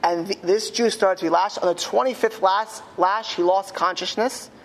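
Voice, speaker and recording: A man, a rabbi, telling a story in a speech to school students. He slows down emphatically on key words. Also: high voice, fairly even intonation, fairly bright tone, in a large hall, a little hiss or hum. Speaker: rabbi giving a talk at a school. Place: school hall.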